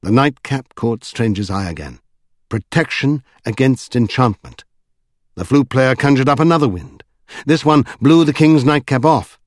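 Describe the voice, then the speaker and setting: A male narrator reads a novel aloud in steady, measured scripted narration. The voice sits at a middle pitch, and the recording is dry and close with no room sound. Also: no room sound. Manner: measured storytelling. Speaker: audiobook narrator.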